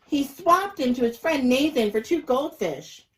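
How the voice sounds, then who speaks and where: A man's voice: extremely high pitch, animated, measured pace, voice pushed up, low-quality recording. A man voicing a smug, tattling little sister with a told-you-so taunting manner in a storybook reading.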